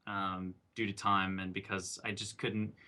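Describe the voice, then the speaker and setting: Earnest young man, low bright voice. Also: level tone, unhurried. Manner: reflective, earnest, filler-heavy storytelling. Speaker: documentary filmmaker guest. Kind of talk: casual interview.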